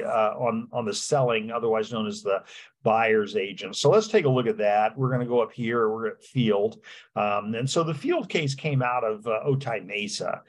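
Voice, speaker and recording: Guy teaching real estate law, kinda husky, lots of ums and uhs. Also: mid-range voice. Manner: halting, many fillers and restarts. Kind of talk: lecture with slides.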